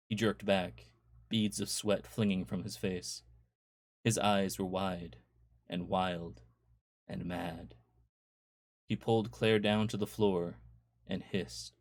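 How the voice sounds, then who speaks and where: Low-voiced man reading a horror story. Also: darkish tone, dry recording, studio quality. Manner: measured, storytelling. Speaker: author reading his own stories.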